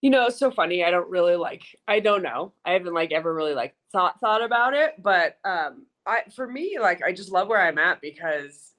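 A woman's voice: on the low side, lively intonation, a little fast, a bit bright. A woman sports reporter as a podcast guest, joking and chatting casually. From South Africa, raised in Colorado. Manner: playful, self-mocking, chatty. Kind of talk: casual interview chat.

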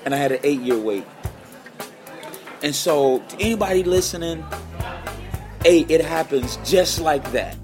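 A man guitarist telling an emotional personal story as a guest, animated and repeating phrases for emphasis. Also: on the high side, a little slow, pauses often, music in the background.

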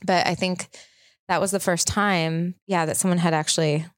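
A woman's voice: fairly low pitch, fairly even intonation, moderate pace, dry recording. A woman in her thirties hosting a podcast, telling a personal story in a chatty, open, reflective way. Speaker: podcast host. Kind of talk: casual chat.

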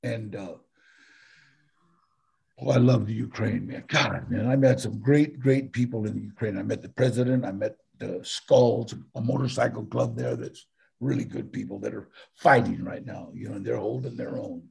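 A man's voice: on the low side, moderate pace, creaky, darkish tone, husky. An older man, telling stories as a guest in a casual interview, rambling and laughing. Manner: rambling, laughing, full of "you know" and "man". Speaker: guest actor.

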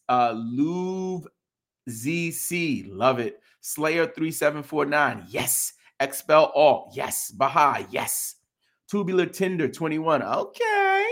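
A man hosting a podcast stream, reading out viewer names one by one with quick reactions. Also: on the high side, fairly bright tone. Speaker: podcast host. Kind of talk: live stream shout-outs to chat.

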